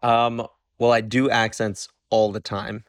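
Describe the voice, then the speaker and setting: A man being interviewed as a guest actor, chatting in a relaxed way. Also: on the low side, a little slow, a little hiss or hum. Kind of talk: casual interview chat.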